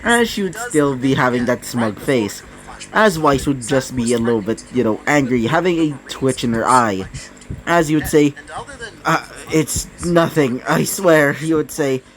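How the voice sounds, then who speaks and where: A man improvising a fan-fiction story narration in a halting way, full of fillers and self-corrections. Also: medium pitch, lively intonation, rough recording.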